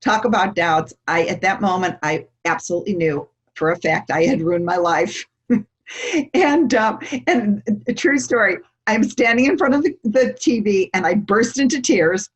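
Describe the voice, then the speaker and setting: Middle-aged woman guest, husky voice, animated storyteller who laughs a lot and slips into voices for quotes. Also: medium pitch, moderate pace, lo-fi sound. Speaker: guest, success coach.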